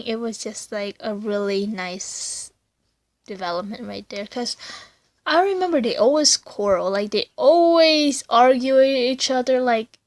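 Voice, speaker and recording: A woman's voice: fairly high pitch, no room sound. A woman casually reviewing an anime episode on video, rambling with lots of fillers and sounding emotional. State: teary, voice breaking.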